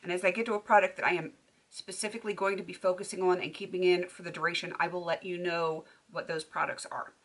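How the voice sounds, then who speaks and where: A woman beauty vlogger chats to camera from her filming room at home. Her voice is bright and forward, and she sounds relaxed and unscripted. She laughs often as she goes. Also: lowish voice, quick pace. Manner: chatty, laughs often, baby-talks to her puppy. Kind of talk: casual chat to camera.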